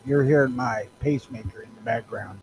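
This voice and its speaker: A man on a comedy podcast, delivering dry, deadpan one-liners from outside near a street. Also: mid-range voice, a little fast, creaky, a crowd in the background, poor audio.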